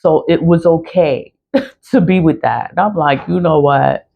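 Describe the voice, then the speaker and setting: A woman's voice: sits low, animated, a little slow, gravelly, breathy edge. A woman in her forties telling a personal story in a blunt, profane, casual rant, laughing often. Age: 40s. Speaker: spiritual products seller. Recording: dull lo-fi recording.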